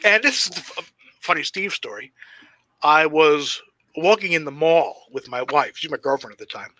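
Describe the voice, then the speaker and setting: A professional wrestler appears as a guest in a casual interview, telling rambling anecdotes full of heavy swearing and calling himself shy and socially awkward. His fairly high voice is expressive, bright and forceful at a normal speed, with no echo.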